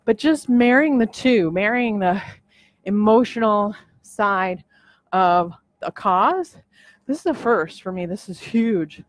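A woman's voice: medium pitch, lively intonation, slow, no echo. A woman hosting her own podcast, talking through a list in a casual, emotional, rambling way with lots of restarts. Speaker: podcast host. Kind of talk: casual vlog monologue. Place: at home on a treadmill.

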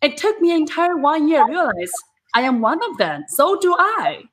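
High-voiced animated woman host. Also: normal speed, slight background noise. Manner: animated, exclaiming, casual swearing. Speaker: podcast host. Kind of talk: casual interview chat.

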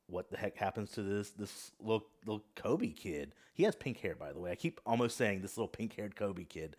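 A man's voice: on the low side, darkish tone. A man hosting a casual podcast chat, steering the talk and calling on his guests by name. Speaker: podcast host.

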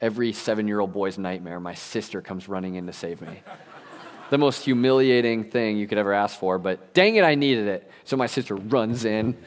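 With a lowish voice at normal speed, a young man preaching as a pastor delivers his sermon through lively stories and casual slang. The church sanctuary adds long hall reverb, along with slight background noise.

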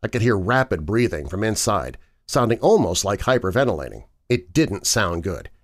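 A man narrating a first-person horror story in a measured, dramatic reading. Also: lowish voice, very animated. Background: faint background music.

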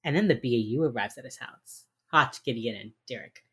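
A woman co-hosting a casual podcast chat recaps a TV episode and acts out its characters' lines, with a mild speech impediment. Her voice is bass, a bit bright and slightly rough, and she talks a little fast.

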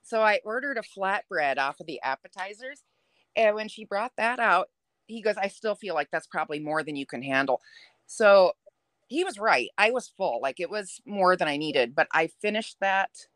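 A woman's voice: medium pitch, moderate pace, dry recording. Chatty woman telling a story. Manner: chatty, animated, laughs while telling. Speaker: podcast guest. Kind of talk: casual storytelling.

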